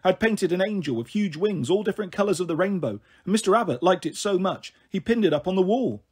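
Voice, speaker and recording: A male storyteller reads a novel aloud in gentle, steady narration. His voice is high-pitched and husky, with a breathy edge. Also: fast talker. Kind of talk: storybook reading.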